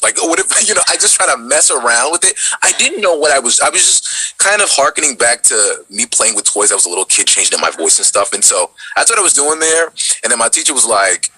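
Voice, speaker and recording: A man in his twenties from Texas, a voice actor chatting casually on a video call as he tells his story in a relaxed, lively way. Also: medium pitch, a little fast, slightly rough, dry recording, rough recording. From Dallas, Texas. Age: 20s. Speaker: voice actor guest.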